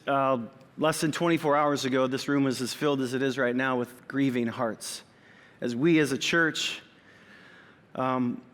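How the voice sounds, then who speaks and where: A pastor in his forties giving a sermon in a church auditorium, talking conversationally with personal asides. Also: medium pitch. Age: 40s. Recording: long reverb of a church hall.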